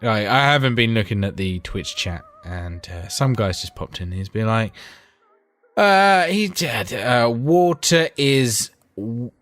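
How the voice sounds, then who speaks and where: A man's voice: lowish voice, big pitch swings, a little slow, a bit bright, no echo. A British man co-hosting a gaming podcast, chatting casually with blunt, sweary banter. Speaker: podcast co-host.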